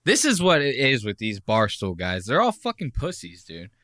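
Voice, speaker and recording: A man with a bright, forceful voice that swings animatedly as he mocks what he hears. He swears freely in brash reaction commentary. The sound is dry and close. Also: medium pitch, wildly swooping pitch, normal speed, no echo. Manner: brash, mocking, profane. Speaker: podcast host.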